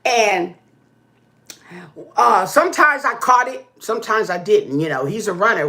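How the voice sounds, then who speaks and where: In a room with pink walls, a woman vlogger tells stories to her viewers in casual chat. She's animated and unhurried, speaking in a mid-range voice, whooping and laughing often, and checking in with "okay?" as she goes.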